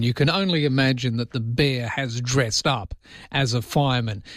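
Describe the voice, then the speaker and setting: A man hosting overnight talk radio, chatting casually and breaking into jokey, self-mocking asides. His voice sits in a middle pitch. It is recorded close and dry on a studio microphone. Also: dry recording.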